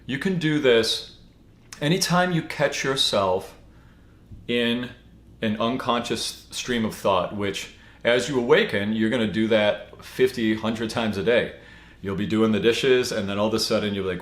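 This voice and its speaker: A man giving a casual spoken teaching, relaxed and rambling, with many fillers and restarts. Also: fairly low pitch, a little slow. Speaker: spiritual teacher. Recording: echoey room.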